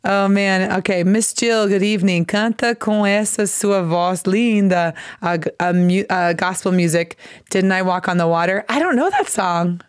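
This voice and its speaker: An American woman, a native English speaker, hosting a live English lesson stream, chatting warmly and trying out halting Portuguese over a headphone mic. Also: mid-range voice, smooth, no echo, clean studio sound. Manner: gushing, reads chat names aloud, halting Portuguese. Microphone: headphone mic on a video stream.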